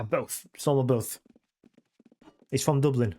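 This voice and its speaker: A man's voice: mid-range voice, takes it slowly, mellow. Rambling man chatting to viewers. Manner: rambling, keeps tagging "yeah?" onto sentences. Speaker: game streamer. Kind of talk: casual chat with viewers while playing.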